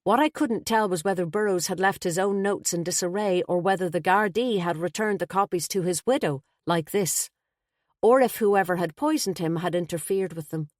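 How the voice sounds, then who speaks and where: A woman with a fairly low voice reads a first-person mystery in a steady, measured way. The sound is dry and close, with no room around it. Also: no echo. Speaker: audiobook narrator.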